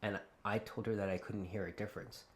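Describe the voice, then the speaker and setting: A man's voice: lowish voice, fairly quick, a little hiss or hum. Playful Canadian man in his late thirties. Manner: animated, playful storyteller. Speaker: host. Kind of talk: casual talk to camera.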